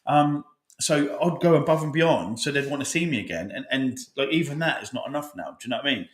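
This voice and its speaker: A man's voice: medium pitch, lively intonation, fast. A man, a father, co-hosting a podcast, talking emotionally with lots of swearing and restarts. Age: adult father. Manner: emotional, swears a lot, many restarts and fillers. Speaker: podcast co-host. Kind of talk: casual podcast chat. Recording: echoey room.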